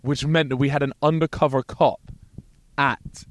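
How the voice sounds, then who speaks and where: A man's voice: medium pitch, steady tone, normal speed, very noisy. A man co-hosting a podcast in casual chat, telling long rambling stories and swearing freely, recorded inside an RV. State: hungover. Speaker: podcast co-host. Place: inside a parked RV.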